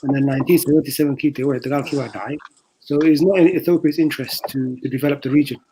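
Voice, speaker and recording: A man's voice: medium pitch, steady tone, racing, background noise. A man co-hosting a casual stream chat, speaking hesitantly with many fillers and mixing in Somali words. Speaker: co-host.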